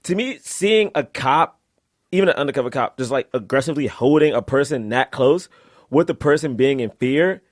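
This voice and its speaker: A man co-hosting a casual film podcast, retelling scenes in an animated way. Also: medium pitch, moderate pace, no echo, clean studio sound. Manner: animated storytelling, lots of "like" and "yo". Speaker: podcast co-host.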